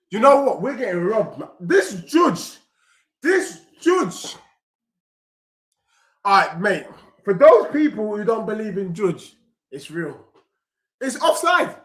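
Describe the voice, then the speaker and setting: A young man streaming a live football watchalong, reacting loudly and reading chat messages aloud. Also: sits high. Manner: excitable, loud, reads chat messages aloud.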